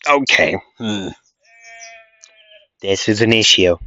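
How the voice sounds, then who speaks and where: A man's voice: lowish voice, animated, takes it slowly, pushed and bright, muffled recording, a little hiss or hum. A young man rambling through casual anime commentary, laughing at himself and swearing offhand. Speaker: anime content creator.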